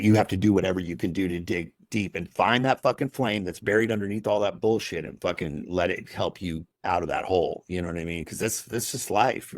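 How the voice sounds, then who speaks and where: A man's voice: sits low, gravelly, no room sound. A man as a podcast guest, telling his personal story in a raw, emotional way and swearing heavily.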